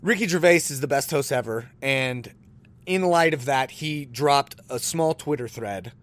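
A man's voice: mid-range voice, a little slow, fairly bright tone. A man hosting a casual solo podcast, rambling and self-deprecating, with bursts of exasperated disbelief. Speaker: podcast host.

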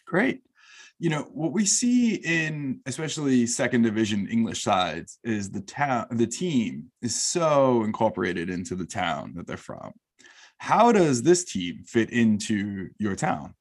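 A man with a New York accent hosts a casual podcast interview in an effusive, welcoming way. His voice is husky, sitting at an ordinary middle pitch. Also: big pitch swings, measured pace. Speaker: podcast host.

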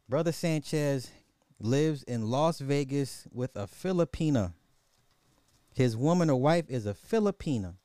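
Podcast host, male, mellow voice in a dry room, needling and repetitive. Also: mid-range voice, measured pace, no echo. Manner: repeats rhetorical questions, mocking and chuckling. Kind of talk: casual social commentary monologue.

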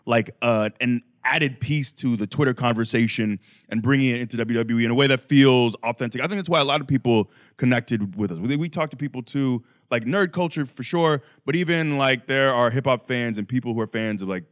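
A man's voice: medium pitch, brisk, hardly any pauses. A man with an ordinary mid-range voice talks through his thoughts on a podcast. He is reflective and chatty. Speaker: podcast co-host. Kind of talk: casual chat.

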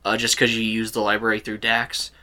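A young man running a tabletop game as game master, relaxed with lots of fillers and restarts. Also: fairly low pitch, brisk.

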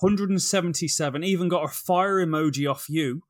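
A man's voice: on the high side, fairly quick. A man co-hosting a cricket podcast, chatting casually and enthusiastically with his partner. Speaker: podcast co-host.

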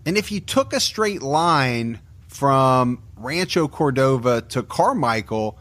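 A man's voice: medium pitch, expressive, fairly bright tone, dry recording. Grave male true-crime narrator, dry close sound. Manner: measured, grave. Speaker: podcast host.

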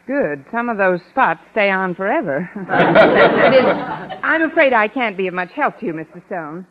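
An actress playing a quick-witted, flustered English teacher in a 1950s radio sitcom. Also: female voice, mid-range voice, lively intonation, a loud crowd, heavy background noise, close to an everyday voice. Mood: playful. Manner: wisecracking, flustered, giggly. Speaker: schoolteacher. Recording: muffled old radio broadcast with audience.

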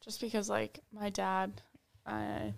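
College-age woman, gravelly fry in her voice, rambly and giggly. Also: mid-range voice, little pitch movement, slow. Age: young adult. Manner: laughs often, rambling. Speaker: podcast guest. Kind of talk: casual chat.

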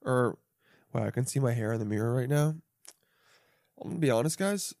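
Young dude rambling on his podcast, swears a lot, gets loud then mumbly, dry sound. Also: medium pitch, expressive, a little fast, gravelly, no room sound. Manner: casual, profane, swings between loud bursts and mumbling asides. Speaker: podcast host. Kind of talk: rambling solo podcast chat.

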